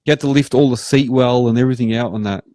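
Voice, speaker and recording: An Australian man hosting a live show, rambling through animated work stories in casual chat. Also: medium pitch, fast talker, no echo. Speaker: host.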